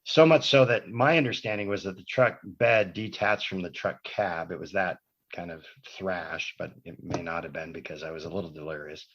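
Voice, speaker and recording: Speaking at a moderate pace, a man with a low-sitting, fairly bright voice appears as a podcast guest. He spins a long, rambling personal anecdote in casual talk, frequently correcting himself. The recording is dull, lo-fi podcast audio.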